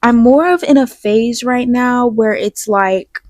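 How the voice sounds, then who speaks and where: A young woman with hosting a podcast from her bed, sniffly from crying, talking candidly, rambling and swearing, trailing off into soft asides. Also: on the high side, takes it slowly, dry recording. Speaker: podcast host. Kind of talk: casual confessional vlog. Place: bedroom, in bed. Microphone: small mic plugged into a phone.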